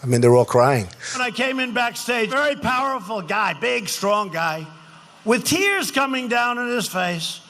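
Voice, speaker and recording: A man's voice: very high-pitched, sing-song, measured pace, bright, forceful tone. A man giving campaign rally speeches, telling boastful stories in repetitive, punchy short phrases. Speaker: president speaking at rallies and events. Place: large rally halls and arenas. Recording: long reverb of large rally venues.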